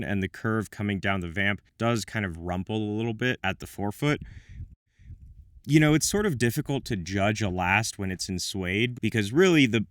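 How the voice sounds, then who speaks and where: A man with a fairly low voice talks through a product review from a script. He drops in wry, self-deprecating asides. The recording is dry and close, with no room sound. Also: a bit bright, smooth, no room sound. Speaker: menswear reviewer.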